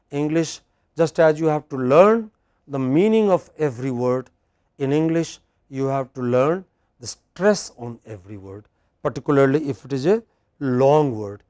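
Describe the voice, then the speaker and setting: A man teaching spoken English in a university classroom, a non-native speaker who lectures deliberately and prompts students for answers. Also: fairly high pitch, expressive, mellow, dry recording. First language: Indian language.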